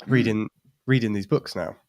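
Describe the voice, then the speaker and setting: A man's voice: on the low side, moderate pace, darkish tone. A man co-hosting a casual podcast chat, telling wry stories with laughter. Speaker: podcast co-host.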